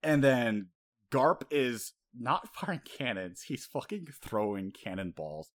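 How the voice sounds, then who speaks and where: A young man co-hosting a podcast who recaps a story in casual, animated chat, swearing freely and acting out character lines. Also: mid-range voice, slow. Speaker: podcast co-host.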